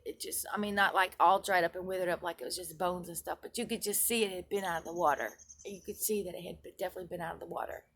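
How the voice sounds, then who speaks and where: A woman's voice: mid-range voice, a bit bright. A woman recounting a dream and its spiritual meaning for her video blog, earnest and emphatic, often repeating herself and restarting phrases. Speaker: Christian video blogger.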